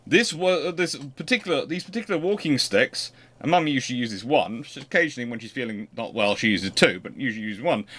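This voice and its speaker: A man's voice: mid-range voice, bright, forceful tone. Rambling man hosting a livestream. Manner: rambling, conversational, frequent restarts. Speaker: host. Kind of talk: casual livestream chat.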